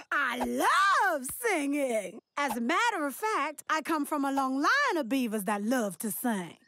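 A woman voicing a motherly female beaver in a children's cartoon, gentle and a little proud of her singing. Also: sits high, big pitch swings, slow, dry recording, exaggerated voice. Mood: delighted. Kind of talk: cartoon voice acting.

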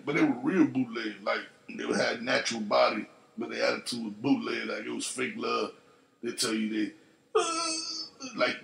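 A man speaking tells a long, profane story on his podcast and slips into the voices of the people in it. His voice sits high and gravelly. The room gives it a noticeable echo. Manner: profane, animated, acts out quoted voices. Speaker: podcast host. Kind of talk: casual storytelling monologue.

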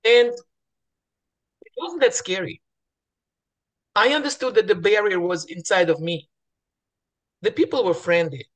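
A woman's voice: medium pitch, measured pace, long pauses. A woman real estate agent speaking to fellow agents in a morning voice, telling stories chattily with restarts and acted-out bits of dialogue. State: morning voice, clearing throat.

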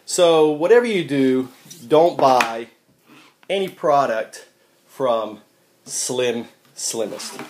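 A man complaining about a tablet case he bought, talking haltingly. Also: mid-range voice, a little hiss or hum. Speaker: product reviewer.

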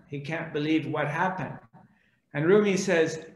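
A man's voice: on the high side, measured pace, roomy sound, poor audio. A man giving a spiritual discourse, telling a story animatedly and acting out the characters. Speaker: spiritual teacher.

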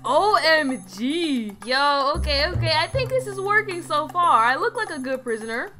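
A woman's voice: high-pitched, lively intonation, fairly quick, sharp tone, soft background music. A woman narrating her own character in a game roleplay, chatty and dramatic, full of indignant slang. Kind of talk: casual game roleplay commentary.

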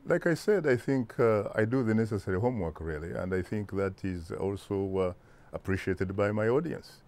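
A Ugandan-accented man in his sixties, answering interview questions in a deliberate, emphatic way with rhetorical asides. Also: on the low side, animated, gravelly, darkish tone. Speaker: interview guest, broadcast journalist.

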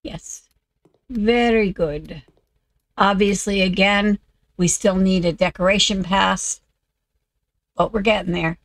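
A woman chats through her game at an unhurried pace and mutters to herself as she works. Her voice is gravelly and a little off, with an occasional cough. The sound is dry and close, with no room around it. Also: medium pitch, flat delivery, no room sound. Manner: muttering to herself while working. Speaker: video game creator. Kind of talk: casual gameplay commentary.

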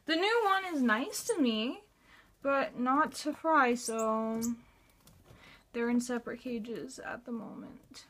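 Young woman vlogger, high bright voice, slow delivery, casual and jittery. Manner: panicky and frantic with her pets, flat and tired when recapping. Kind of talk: casual vlog talk to camera.

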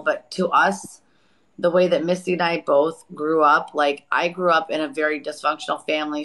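A woman's voice: sits low, rough recording. Profane woman in her forties, storytelling. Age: 40s. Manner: raw, profane, rising to loud re-enacted outbursts. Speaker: guest on a live chat. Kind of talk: emotional personal storytelling.

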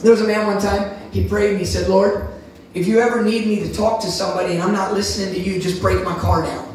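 A man preaching a sermon wrap-up, telling animated stories with sudden shouts. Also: high-pitched, fast talker, slight background noise. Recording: echoey room from far off.

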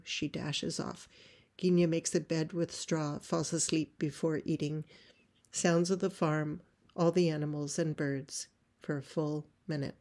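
A woman reading a play script aloud, describing stage directions in a measured way. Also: low-pitched, fairly even intonation, dark tone. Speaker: playwright reading her script.

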